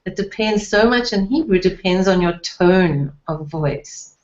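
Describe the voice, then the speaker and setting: A woman teaching everyday phrases in a language lesson, slowly repeating each word with care. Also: medium pitch, darkish tone. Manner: slow, careful repetition of phrases. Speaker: Hebrew teacher. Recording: echoey, dull lo-fi room sound.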